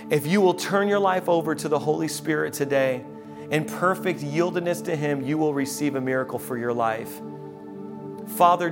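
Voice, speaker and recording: A man preaching a sermon as pastor, impassioned and emphatic, dropping soft and slow for the closing prayer. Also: on the high side. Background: music.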